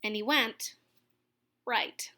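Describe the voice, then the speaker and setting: Bright, high-voiced woman reading a children's book. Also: drawn-out words, a little hiss or hum. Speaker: storyteller.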